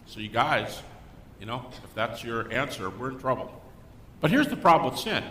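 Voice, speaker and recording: An older man, a guest speaker, giving a Christian apologetics talk to a live audience and acting out the people in his stories. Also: moderate pace. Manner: animated storyteller who acts out quoted people. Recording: echoey hall with faint rumble.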